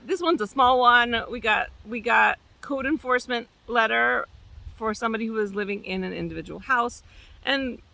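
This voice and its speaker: A woman property manager telling stories casually in a chatty, animated way, with fillers and restarts. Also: on the high side, gravelly. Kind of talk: casual storytelling vlog.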